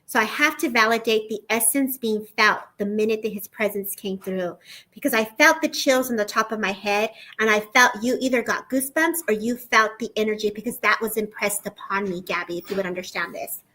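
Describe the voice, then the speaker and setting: An earnest woman talks in a soft, even voice as she gives a psychic reading. Her pitch sits in the middle of the range. She keeps coming back to "I feel like" as she relays the impressions she is receiving, in the loose style of a live stream. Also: a little fast, rough recording. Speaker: psychic medium host.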